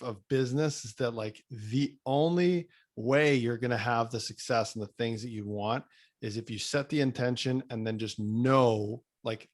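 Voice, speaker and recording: A man hosting a podcast conversation, with a mid-range voice. He speaks reflectively about his own experiences, with frequent halting restarts as he works out what he wants to say. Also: mid-range voice. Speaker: podcast host.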